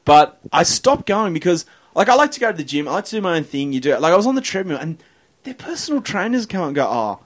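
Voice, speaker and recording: A man tells stories in a casual co-hosted chat. He swears freely and his pitch jumps around a lot, sitting a touch high overall. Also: quick pace. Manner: sweary, animated storytelling. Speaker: podcast co-host. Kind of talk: casual banter.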